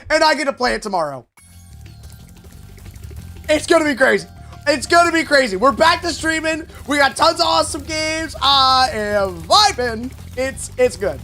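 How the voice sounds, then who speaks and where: A man's voice: very high-pitched, fairly bright tone. A man streaming a game live, chatting with his viewers with melodramatic, mock-whining outbursts on a desk microphone. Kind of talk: live gameplay stream chat.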